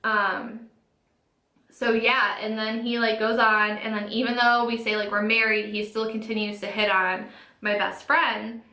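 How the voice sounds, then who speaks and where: A woman's voice: fairly high pitch, little pitch movement, a little slow, pushed and bright. A woman in her twenties telling a casual storytime while doing her makeup, chatty, says "like" constantly and acts out quotes. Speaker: beauty vlogger. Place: home room, sitting at a makeup setup. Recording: echoey room.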